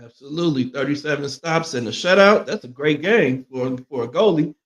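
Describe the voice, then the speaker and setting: A man's voice: a little high, expressive, fairly quick. A man co-hosting a sports talk show, chatting through game analysis in a laid-back, agreeable way. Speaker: sports radio co-host.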